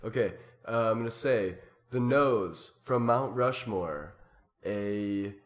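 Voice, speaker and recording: A man's voice: fairly low pitch, slow pace. A man chatting casually on a podcast, hesitant and rambling, with lots of ums and bursts of laughter. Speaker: improv performer.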